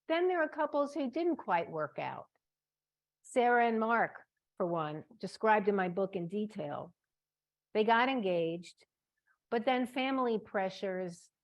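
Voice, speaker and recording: A woman's voice: lowish voice, muffled recording. A woman in her sixties from Brooklyn, a guest speaker giving a club talk and telling personal anecdotes. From Brooklyn, New York. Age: 60s. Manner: warm anecdotal storytelling.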